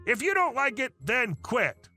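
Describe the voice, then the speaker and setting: A man voicing an angry restaurant owner who yells aggressive accusations at his staff. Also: extremely high pitch, wildly swooping pitch, measured pace, vocal fry, soft background music, pitched above the performer's own voice, heavily acted. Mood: furious. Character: angry male restaurant owner, red-faced yelling.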